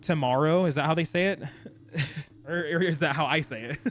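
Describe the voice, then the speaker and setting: While streaming a game, a man chats casually with his viewers, rambling and laughing a lot. His voice is fairly high and fairly bright, and he talks briskly to chat as he plays.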